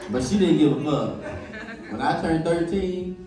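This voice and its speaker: A man's voice: on the high side, moderate pace. A man performing a stand-up comedy set, telling stories animatedly and acting out the voices of people in them. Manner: animated storytelling, acts out quoted voices. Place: comedy club stage. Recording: echoey venue, distant mic, loud crowd.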